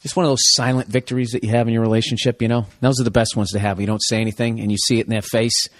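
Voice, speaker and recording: A man in his thirties rambling through a solo comedy podcast, cursing constantly and sarcastic throughout. His voice sits at an ordinary middle pitch. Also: little pitch movement, racing. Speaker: podcast host. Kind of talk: casual comedic monologue.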